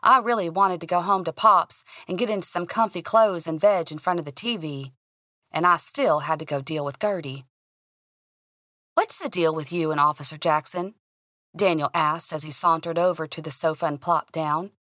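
A young adult woman narrating a mystery story podcast in the first person, expressive and lively. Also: on the low side, normal speed, no echo, studio quality.

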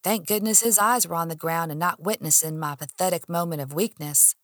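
A woman narrating a first-person audiobook, her voice sitting a little low for a woman. She is expressive and acts out her own heated lines with feeling, recorded close and dry with no room sound. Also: fairly quick, no echo.

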